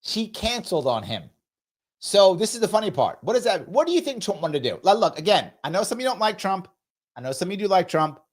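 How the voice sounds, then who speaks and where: A male host reacting live to political clips. He is sarcastic and mocking, and his pitch swings widely as he talks, from low mutters to high jabs.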